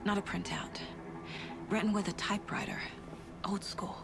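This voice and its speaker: An actress playing a calm, focused woman FBI profiler, speaking in a measured, low-key way in a video game. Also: vocal fry, in a whisper, over music, natural voice. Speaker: FBI agent investigator. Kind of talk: game voice acting.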